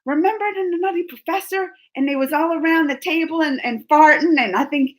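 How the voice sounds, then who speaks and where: A woman in her forties hosting a casual livestream, chatting with viewers in a rambling, animated way and laughing often. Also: high-pitched, a little fast. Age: 40s. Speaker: livestream host reading chat. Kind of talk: casual live chat.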